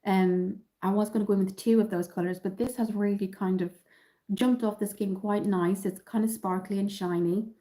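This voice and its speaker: In a mid-range, mellow voice with fairly even intonation and a moderate pace, an Irish woman from Dublin chats through a live makeup tutorial. She reads out viewer comments, answers them, and says um often, sounding a little nasal from an oncoming cold. The recording is low quality.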